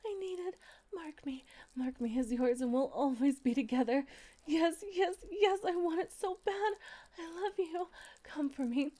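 A young adult woman voicing a loving female plush toy come to life in an intimate audio role-play, breathy and affectionate. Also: sits high, unhurried. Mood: passionate.

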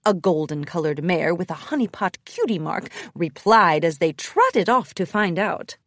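A woman's voice: fairly low pitch, animated, normal speed, dry recording. Woman storybook narrator; lilting, sing-song delivery, dry close recording. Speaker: audiobook narrator. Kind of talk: storybook read-aloud.

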